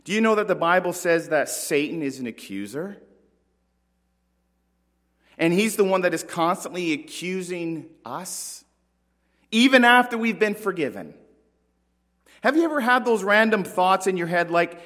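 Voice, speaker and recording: A male pastor delivers a sermon with earnest, dramatic emphasis and pointed pauses. His voice sits a little high for a man and rings out with a long reverb in a large church hall. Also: expressive, a bit bright.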